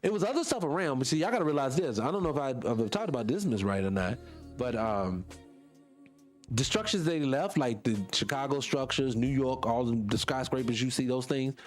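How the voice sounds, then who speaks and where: A morning show host from a small North Carolina town runs a casual livestream, rambling and impassioned as he answers chat comments and loses his train of thought. His medium-pitched voice is animated and brisk, with soft music in the background.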